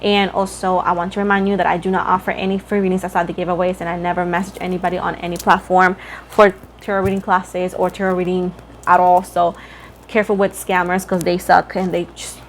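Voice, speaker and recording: A woman's voice: lowish voice, little pitch movement, a little fast, slight background noise. A young woman reading tarot cards for her viewers in a chatty, rambling way, often breaking off mid-sentence. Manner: chatty, rambling, self-interrupting. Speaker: tarot reader.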